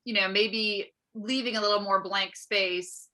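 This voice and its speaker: A woman potter chatting casually on a video call, friendly and quick to laugh. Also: mid-range voice, steady tone, sharp tone.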